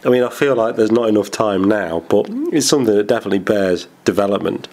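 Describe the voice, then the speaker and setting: A man's voice: on the low side, fast talker, darkish tone. A man co-hosting a podcast, chatting casually, musing aloud and laughing often. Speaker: podcast co-host.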